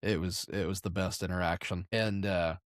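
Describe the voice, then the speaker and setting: A man's voice: deep voice, steady tone, moderate pace, no echo, studio quality. A man co-hosting a podcast, telling stories with crude jokes. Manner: crude, joking banter. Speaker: podcast co-host. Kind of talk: casual chat.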